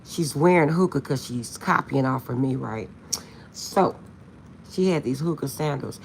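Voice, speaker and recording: A woman vlogger chats casually to her viewers with a gravelly, fry-tinged voice. She tells her story animatedly, laughing often and repeating that she is serious, over a faint hiss in the background. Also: rumbling low, unhurried.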